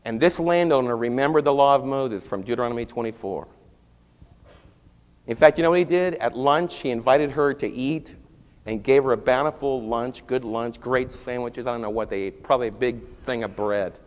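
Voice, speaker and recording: A man preaching a sermon, telling a Bible story with animated rises and quieter stretches. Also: mid-range voice, moderate pace, big-room sound. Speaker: pastor.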